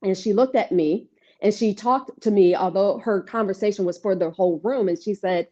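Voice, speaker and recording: A woman yoga instructor talking in an interview, telling her story in an animated, conversational way. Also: mid-range voice, normal speed. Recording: dull lo-fi audio.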